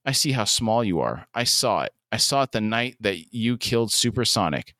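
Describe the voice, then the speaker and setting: A man's voice: lowish voice, very animated, moderate pace, sharp tone, no echo, studio quality. A man voicing a defiant young superheroine while reading a scene.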